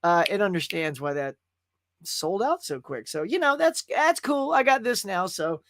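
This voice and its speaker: A man's voice: sits high, expressive, normal speed, fairly bright tone, no room sound, studio quality. Folksy man hosting a live movie stream. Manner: chatty and folksy, often calls viewers "y'all". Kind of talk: casual livestream chat with viewers.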